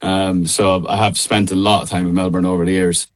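A young man with a low voice and a midlands Irish accent, talking on a call. He laughs a lot and hesitates, filling gaps with "um" and "like" as he chats easily about his tour. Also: flat delivery, a little fast, poor audio. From Ireland. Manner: laughing, hesitant, many fillers. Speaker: singer, interview guest. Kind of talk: casual interview chat. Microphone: remote call.

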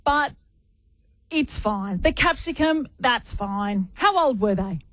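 A woman's voice: on the high side, lively intonation, slow, a bit bright, no echo. A woman co-hosting radio, teasing her partner in casual chat on a studio mic. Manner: teasing, lots of short backchannels. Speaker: radio co-host.

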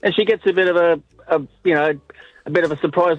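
A man's voice: a little high, steady tone, fast, no echo, lo-fi sound. A man calling in to radio and telling a joke in an easygoing way. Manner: easygoing storyteller. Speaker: caller.

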